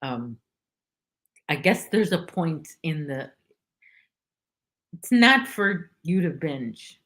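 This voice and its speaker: A woman's voice: low-pitched, very animated, slow, a bit bright. A woman hosting a casual crochet livestream from home, chatting in a rambling way and reading viewers' names aloud. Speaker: livestream host. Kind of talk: casual chat while crocheting.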